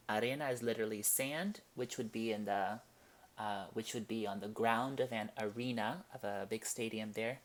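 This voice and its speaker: A man teaching a Spanish lesson, explaining each point slowly and deliberately and reading out example sentences. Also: on the low side. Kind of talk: classroom-style language lesson.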